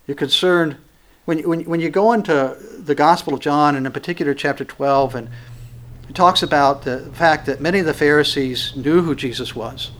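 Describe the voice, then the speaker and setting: A man preaching a sermon, swinging from loud, emphatic stresses down to hushed, quiet lines. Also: fairly high pitch, a little hiss or hum.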